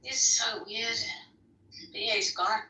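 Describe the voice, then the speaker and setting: A woman's voice: a little high, fairly even intonation, takes it slowly, pushed and bright, far from the mic. A woman chatting casually on a podcast, talking in a rambling way and swearing. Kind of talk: casual chat. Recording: roomy sound from off mic with faint noise.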